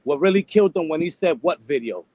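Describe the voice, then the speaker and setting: A man's voice: on the high side, expressive, quick pace, dark tone, lo-fi sound. A man talking bluntly and emphatically as a guest in a casual chat. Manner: blunt, emphatic, repeats "bro".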